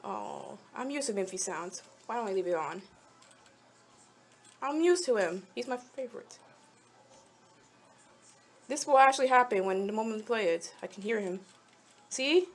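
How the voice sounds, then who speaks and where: Speaking at a medium pitch and normal speed, she sounds animated and leaves long pauses. The young woman runs a mobile game channel, rambling casually over her gameplay, addressing the characters, and getting frustrated easily.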